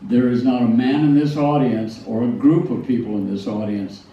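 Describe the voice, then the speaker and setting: A man's voice: mid-range voice, moderate pace, dark tone, slight background noise. An older man telling personal stories to a live audience, self-deprecating, with frequent stammering restarts. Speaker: speaker at a museum talk. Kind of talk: storytelling talk to an audience. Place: large hall. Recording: far-off echoey hall, dull sound.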